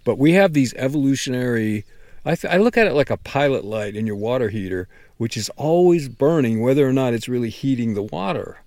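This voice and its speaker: A man's voice: mid-range voice, expressive, brisk, a little mellow, no room sound. A man who writes and teaches, speaking as an interview guest with earnest enthusiasm, often restarting as he thinks aloud. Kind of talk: conversational interview.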